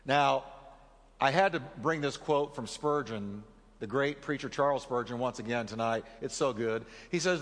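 A man's voice: medium pitch, moderate pace, long reverb tail. A man preaching a sermon as pastor. He leads the congregation in reading and prayer and speaks earnestly.

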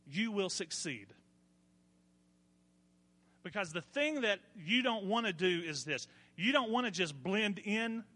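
A man preaching a sermon with a bright, sharp, high voice. He tells folksy stories and swings up into emphatic points, and his voice rings with long reverb through a church hall. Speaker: pastor.

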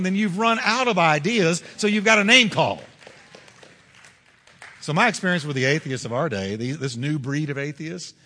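Preacher guy, kinda high voice swinging all over, big echoey church sound. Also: pushed and bright. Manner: emphatic preacher, rising and falling with rhetorical questions. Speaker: pastor. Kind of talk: sermon. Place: church sanctuary.

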